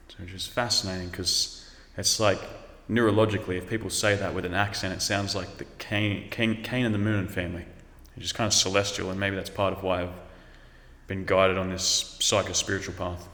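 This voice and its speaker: Australian man, low voice, easygoing rambling storyteller, roomy echo with a long tail. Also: fairly bright tone. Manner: rambling, laid-back, drifts off topic. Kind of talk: casual storytelling. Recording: echoey room with long reverb.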